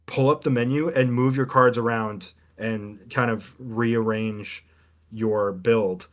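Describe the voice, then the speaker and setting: A man's voice: mid-range voice, steady tone, slow. A man in casual chat on a gaming podcast, explaining a game demo, rambling with many restarts and fillers. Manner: rambling, hesitant, full of ums and restarts. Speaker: podcast co-host reviewing game demos.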